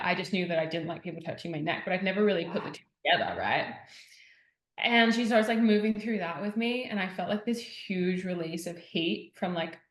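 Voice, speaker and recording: A woman guest chatting casually on a podcast. Her voice sits a little low, and she strings her story together with many "like"s as she retells other people's words. The room around her is echoey. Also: fairly bright tone. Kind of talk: casual interview chat.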